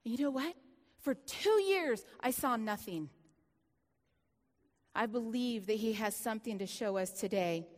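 High-voiced woman preaching in a reverberant hall. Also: normal speed, pauses often. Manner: lively storytelling, laughing, dramatic hushed drops. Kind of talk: sermon with personal story.

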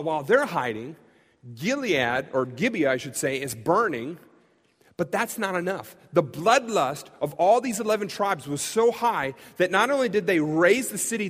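A man preaching, casually retelling a story in a lively, conversational way. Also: a little high. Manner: lively, conversational, acts out quotes. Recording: long hall reverb.

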